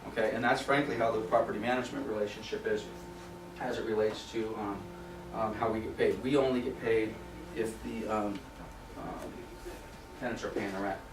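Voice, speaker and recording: A man's voice: fairly low pitch, steady tone, normal speed, far from the mic, noisy background. A man presenting a property management training class in a casual, conversational way, often checking in with "okay?". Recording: roomy sound from off mic.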